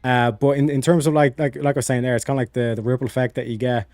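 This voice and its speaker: A man's voice: mid-range voice, fairly even intonation, fast, darkish tone, no room sound. A man with an Irish accent, talking politics in a casual voice chat, rambling with lots of fillers. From Ireland. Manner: rambling, many fillers and restarts.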